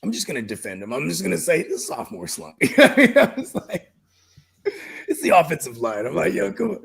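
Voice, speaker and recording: A man's voice: on the high side, huge pitch swings, quick pace, gravelly, a bit bright, husky. A man co-hosting a podcast, talking in laid-back, slangy banter, swearing freely and laughing often. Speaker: podcast co-host. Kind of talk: casual chat.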